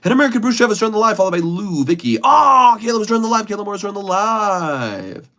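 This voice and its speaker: A man voicing a loud, excited male sportscaster who calls out names play-by-play. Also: high voice, fast, voice pushed up, full character voice. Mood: hyped. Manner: shouted play-by-play announcing.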